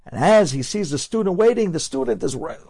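A man telling a story with lively energy, acting out the characters' lines with sudden jumps in his voice. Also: high-pitched, a little fast, gravelly. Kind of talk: animated storytelling.

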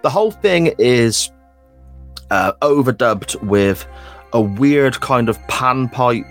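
A man's voice: mid-range voice, lively intonation, slow pace, faint music behind. A man co-hosting a wrestling podcast, recapping a clip in a sarcastic, sweary, casual way. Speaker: podcast co-host. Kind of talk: casual chat.

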